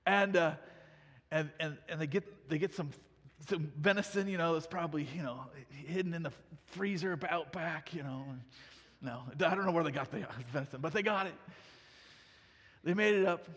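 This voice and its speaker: A man's voice: on the high side, moderate pace, a bit bright, in a large hall. A male pastor preaching a sermon in a casual storytelling way, full of fillers.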